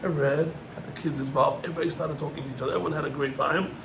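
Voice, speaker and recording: A middle-aged man, a rabbi, gives an animated Torah lesson, climbing in pitch on emphatic points and mixing in Hebrew terms. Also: racing, creaky, a little hiss or hum, rough recording.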